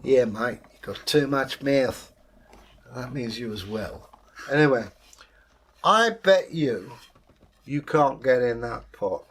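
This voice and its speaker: A man's voice: mid-range voice, expressive, slow, pauses often, a bit bright, husky, heavily acted. A man voicing a cheeky, blunt male cat who calls everyone mate, in a told folktale. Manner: blunt, matey.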